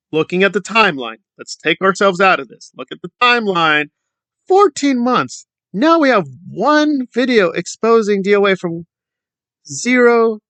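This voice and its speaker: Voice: medium pitch, a bit bright, no room sound. A commentary YouTuber ranting in a sarcastic, scornful tone.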